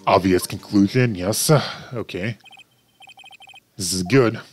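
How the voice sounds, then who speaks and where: A young man hosts a game playthrough with loose, joking asides. His voice sits low, and faint music plays under his commentary. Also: takes it slowly, a little mellow. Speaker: let's play host. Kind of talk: casual gameplay commentary.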